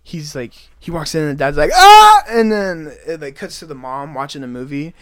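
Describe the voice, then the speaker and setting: A man's voice: a little high, fairly quick, dry recording. Rambling young man, dry sound. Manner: rambling retelling, heavy use of "like". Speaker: podcast co-host. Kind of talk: casual podcast chat.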